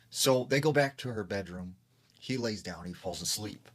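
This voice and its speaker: Low-voiced man telling a true scary story. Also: animated, normal speed, a bit bright. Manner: conversational, heavy use of "like", acts out quoted lines. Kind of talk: casual storytime narration.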